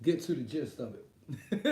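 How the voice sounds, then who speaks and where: A man's voice: a little high, a little mellow. A man hosting a casual boxing live stream, talking loosely, swearing and laughing often. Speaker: boxing livestream host. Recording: echoey room.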